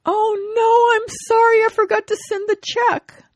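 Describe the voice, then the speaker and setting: A woman voicing a meek, apologetic elderly wife in a told joke, in a squeaky pleading voice. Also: little pitch movement, moderate pace, a little mellow, dry recording, studio quality.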